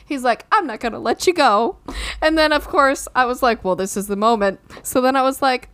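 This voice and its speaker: A woman's voice: sits high, brisk, a bit bright, clear, resonant tone. A young woman chatting casually, telling a story with lots of filler words and speaking straight to her listeners. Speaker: podcast co-host and recent bride. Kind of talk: casual chat.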